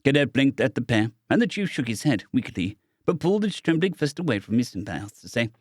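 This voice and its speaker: A man narrates a science fiction audiobook in a steady, measured voice. His pitch is mid-range for a man. The recording is dry and close with no room sound. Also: no echo.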